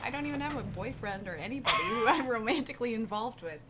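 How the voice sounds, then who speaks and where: Giggly, lively woman with rumbling noise behind. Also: fast. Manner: giggly, animated storyteller. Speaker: livestream co-host. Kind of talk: casual chat.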